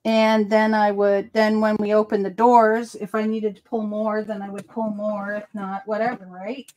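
Hosting a relaxed crafting livestream, this Boston-accented woman wanders through her stories and keeps correcting herself. She speaks at normal speed in a mid-range, slightly dark voice with little pitch movement, and a slight hiss or hum can be heard.

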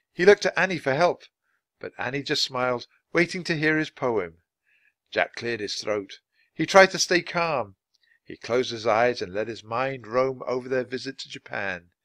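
A man narrating a children's chapter book in a clear, steady reading voice. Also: mid-range voice, dry recording. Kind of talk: scripted storybook narration.

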